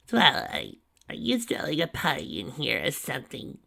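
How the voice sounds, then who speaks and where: A man reading aloud and voicing an elderly unicorn mare who is annoyed and fussy, talking in a slow, grumbling way. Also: a little high, wildly swooping pitch, gravelly, bright, forceful tone, voice pushed up, heavily acted.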